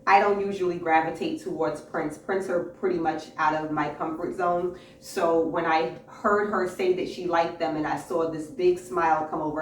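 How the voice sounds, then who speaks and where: A woman hosting a casual fashion haul vlog, talking enthusiastically to camera with a few fillers and repeats, in an indoor room with a clothing rack. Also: fairly low pitch. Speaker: fashion vlogger, channel host. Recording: roomy echo, distant mic, faint hiss.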